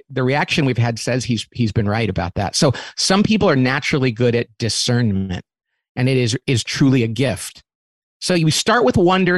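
Animated man telling stories, dry sound. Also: medium pitch, dry recording. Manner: animated, acts out quotes in different voices; repeats words when restarting. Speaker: company CEO and guest. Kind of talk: interview guest explaining a model.

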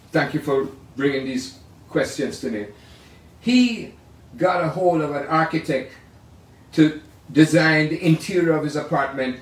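An older man, a jazz pianist, telling rambling, animated stories in a casual way. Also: medium pitch. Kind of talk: casual storytelling. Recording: roomy sound from far off.

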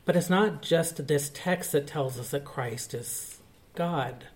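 A man's voice: on the high side, takes it slowly. A male pastor preaching a sermon, explaining a point of scripture in an earnest, teaching manner.

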